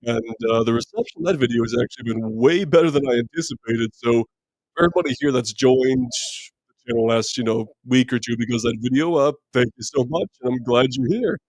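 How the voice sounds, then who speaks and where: A man with a naturally deep voice chats on a live movie stream, answering viewer comments in a relaxed, meandering way. His pitch sits in the middle range for a man. The sound is dry and close, with no room echo. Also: a little fast. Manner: relaxed, rambling, many fillers and restarts. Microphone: streaming mic.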